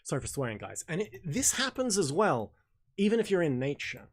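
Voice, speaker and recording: Male host, loose off-the-cuff delivery, frequent restarts and mild swearing, pitched a little high. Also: sing-song, brisk, slightly rough. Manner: rambling, self-correcting, casual with swearing. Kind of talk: casual Q&A livestream talk.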